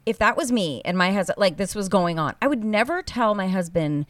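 A woman's voice: mid-range voice, fairly quick, no echo, recorded from a distance. A woman co-hosting a casual reality TV recap, gossipy and acting out what others said. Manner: animated, gossipy, acts out quotes.

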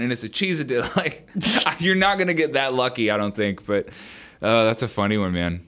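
A man co-hosting a casual podcast, explaining drum practice at length in a relaxed way and chuckling often. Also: medium pitch, moderate pace. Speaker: podcast co-host, drummer.

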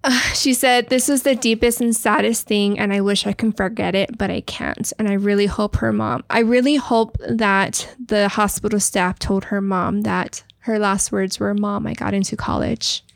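A woman's voice: mid-range voice, steady tone, moderate pace, gravelly, hardly any pauses, dry recording. A woman with a Texan accent co-hosting a casual podcast, reading a listener's story aloud in an emotional, heartfelt way. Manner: emotional, tearful at sad parts. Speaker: podcast co-host.

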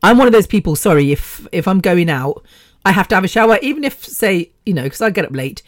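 A woman in her fifties talks on her own podcast in a low, dry voice. She rambles and chats freely, with a swear word here and there. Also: expressive, fast, dry recording. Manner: chatty and rambling, with swearing and laughs. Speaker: podcast host. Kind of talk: casual solo podcast chat.

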